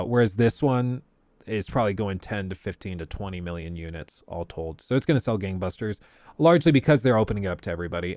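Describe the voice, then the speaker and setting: A man's voice: on the low side, darkish tone, no echo, studio quality. American man chatting on a livestream. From United States. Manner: conversational, frequent fillers and restarts. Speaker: streamer host. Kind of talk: casual livestream chat.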